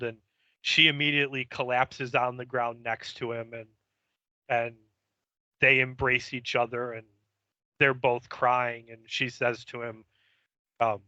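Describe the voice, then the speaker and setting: A man's voice: medium pitch, little pitch movement, unhurried, pushed and bright, no echo, highs cut off. A man co-hosting a podcast, recapping an episode in a meandering, hesitant way. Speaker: podcast co-host.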